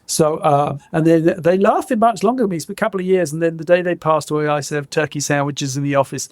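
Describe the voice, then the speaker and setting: A middle-aged man, a podcast guest, telling animated stories, laughing often and acting out quoted lines. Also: fairly high pitch, brisk, dry recording. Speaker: guest, former innovation head. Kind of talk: animated anecdotal storytelling.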